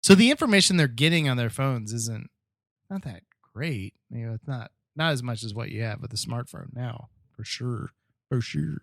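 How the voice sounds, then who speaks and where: A man's voice: medium pitch, animated, moderate pace, gravelly, fairly bright tone, dry recording, clean studio sound. A man hosting a podcast, chatting casually as he recaps a TV episode and patiently explains details with many restarts. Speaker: podcast host.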